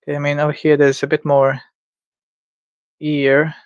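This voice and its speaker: A man's voice: a little high, monotone, moderate pace, clean tone, dry recording, lo-fi sound. Rambling man thinking aloud while drawing. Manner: rambling, thinks aloud, stammers and restarts, playful asides. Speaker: livestreamer drawing game creatures. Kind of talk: casual livestream self-talk. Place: indoors at home.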